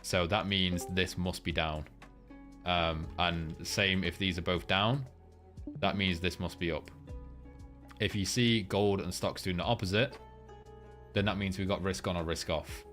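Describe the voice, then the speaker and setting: A man's voice: deep voice, fairly even intonation, unhurried, long pauses, fairly bright tone, soft background music. A young man hosting a casual live market breakdown, rambling loosely, swearing freely and filling gaps with ums while he reads chat. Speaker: trading livestream host.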